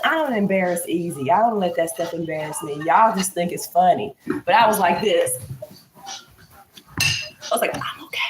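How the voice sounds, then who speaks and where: A folksy, talkative woman, chatting casually straight to her viewers. Her voice sounds congested. The recording has clear background noise and clicks. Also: on the low side. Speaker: vlogger. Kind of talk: casual chat to camera.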